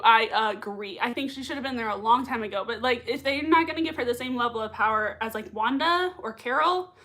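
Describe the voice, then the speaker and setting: A woman hosting a casual livestream, chatting excitedly and giggling while reading viewer comments. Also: on the high side. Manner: excitable, giggly, many fillers. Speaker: livestream host reacting to a TV show.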